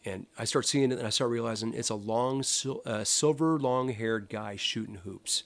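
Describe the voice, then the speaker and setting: A middle-aged male musician tells stories in a relaxed interview, and his voice has a gravelly edge. He gets lively and acts out the people he quotes. The sound is close and dry, with no room echo. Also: medium pitch, moderate pace. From Los Angeles. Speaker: guest musician. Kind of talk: casual storytelling interview.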